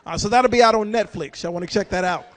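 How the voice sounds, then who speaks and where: Performing a live stand-up set at a gala, a man with a high voice talks quickly in a casual, chatty style, repeating words as he goes. The comedian is in a banquet hall in front of an audience.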